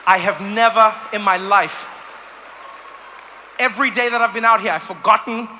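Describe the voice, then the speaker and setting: A man from South Africa doing animated stand-up comedy, slipping into mock voices. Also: sits high, normal speed, a crowd in the background, background noise.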